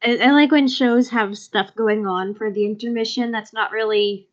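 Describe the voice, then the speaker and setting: A woman's voice: on the high side, fairly even intonation, normal speed, muffled recording. A woman co-hosting a podcast in casual chat, playful and giggly. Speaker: podcast co-host. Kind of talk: casual chat about a comedy show.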